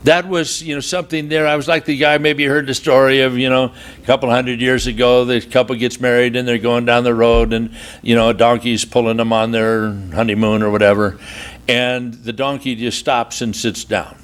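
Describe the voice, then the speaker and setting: A man preaching a sermon at a marriage retreat, telling humorous stories and leaping into high, animated voices for the people he quotes. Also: moderate pace, smooth. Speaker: pastor. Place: church retreat hall.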